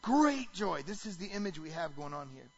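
Animated high-voiced male preacher. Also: moderate pace, slightly rough, dull audio. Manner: animated preaching, asks the congregation questions. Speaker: pastor. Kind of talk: sermon.

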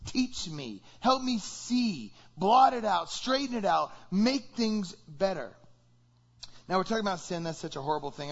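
A man with a fairly high voice preaches a sermon in a conversational way. He keeps asking his listeners questions. The recording sounds a little dull and lo-fi. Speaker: pastor.

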